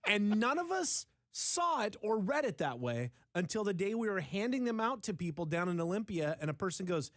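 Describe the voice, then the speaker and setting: A man co-hosting a radio show, chatting and telling a story in a relaxed way. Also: high voice, fairly quick, hardly any pauses, dry recording, studio quality. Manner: chatty, storytelling, laughs easily. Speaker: talk show co-host. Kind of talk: casual studio chat.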